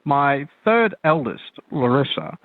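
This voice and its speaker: A man's voice: fairly high pitch, lively intonation, slow, phone-quality sound, a little hiss or hum. A man voicing a confused, rambling elderly man with a wheezy voice and a slight whistle, stammering and hesitant.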